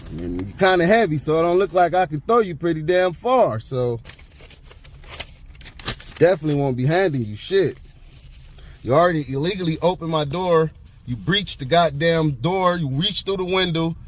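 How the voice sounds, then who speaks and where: Man, high-pitched, defiant, irritated, cursing, argues from parked car. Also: a little hiss or hum. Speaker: driver filming a police stop. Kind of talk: confrontational argument with police. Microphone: handheld recording camera.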